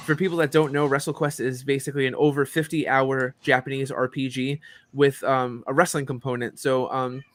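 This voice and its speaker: A man in his forties, a voice actor and professor, telling stories as a podcast guest with lots of ums and likes. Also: mid-range voice. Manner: animated storyteller, many fillers like um and like. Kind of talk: casual interview chat.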